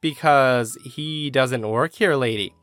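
Brief: patient man managing a restaurant, slow and measured; the narrator puts him on. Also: mid-range voice, fairly bright tone, no room sound.

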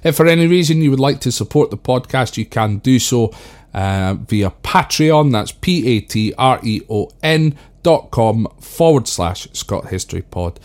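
A man's voice: medium pitch, animated, normal speed, darkish tone. A man hosting a history podcast, talking casually and calling his listeners folks. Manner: chatty, addresses listeners as folks.

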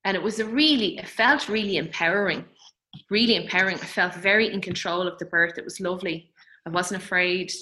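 A woman in her thirties telling her birth story in an interview, tender and halting, with many fillers. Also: on the low side, sharp tone, poor audio. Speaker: guest. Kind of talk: personal birth story in conversation.

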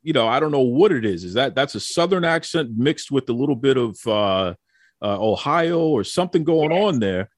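Joking male podcast host, animated delivery, dry close sound. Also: medium pitch, normal speed, no echo. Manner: joking, teasing, repeats words. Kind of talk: casual chat.

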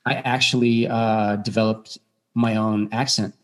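A man talking as an actor guest in a casual podcast chat, animated, with frequent restarts and fillers. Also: on the low side, measured pace. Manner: animated, many restarts and fillers, jumps into quoted voices.

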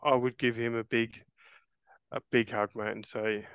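Interview guest, man, 40s, earnest, stumbles over words, bright and crisp, slightly lo-fi. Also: medium pitch, fairly even intonation, measured pace, no echo. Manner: earnest, repeats words and restarts often, calls the host mate. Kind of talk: casual interview chat.

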